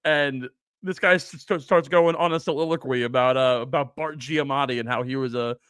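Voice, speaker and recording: A man in his twenties telling rambling stories in a casual chat, with animated bursts. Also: mid-range voice, moderate pace, clean tone, no room sound, studio quality. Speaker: panelist.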